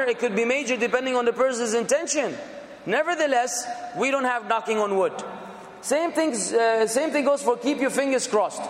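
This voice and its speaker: Male lecturer, high voice, emphatic and drawn-out on key words, recorded in a reverberant classroom. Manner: emphatic, drawn-out word contrasts, bursts of fervor. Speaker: teacher. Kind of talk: classroom lecture on English for preaching. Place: lecture room. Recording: echoey room with long reverb.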